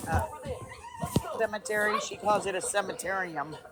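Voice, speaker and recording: An older woman tells easygoing stories in a casual livestream chat. Her voice sits at a plain mid-range pitch. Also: moderate pace, loud music behind the voice.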